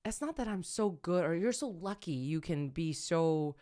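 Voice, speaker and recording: Low-voiced woman chatting loosely. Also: moderate pace, hardly any pauses. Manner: rambling, self-correcting, animated storyteller. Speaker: actress, podcast guest. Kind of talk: casual conversational interview.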